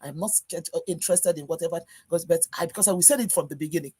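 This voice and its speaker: A woman's voice: on the low side, rapid-fire, warm tone, breathy edge. A woman with a Nigerian accent, speaking as a panelist on a live stream over a video call, ranting in anger with one rhetorical question after another. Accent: Nigerian English. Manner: angry, exasperated rant with repeated rhetorical questions.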